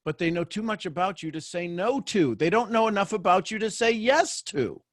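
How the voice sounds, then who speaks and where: Hosting a motivational live show, this fairly high-voiced man addresses an online audience by video call at a moderate pace. He's lively and jokey, frequently starting lines over, and the audio is close and dry without room sound.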